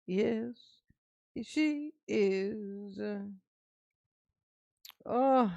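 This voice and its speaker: A woman's voice: high-pitched, slow, creaky, dry recording. A woman hosting her channel, chatting casually and playfully with her viewers and calling herself Mama. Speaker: channel host. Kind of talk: casual livestream sign-off chat.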